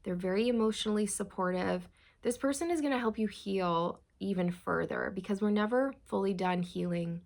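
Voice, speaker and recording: A woman reads tarot cards and passes on channeled messages to her viewers. Her voice is mid-pitched with a gravelly fry. She talks in a loose, meandering way and keeps reassuring her listeners. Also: normal speed, darkish tone. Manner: meandering, reassuring, addresses viewers as you guys. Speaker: tarot reader.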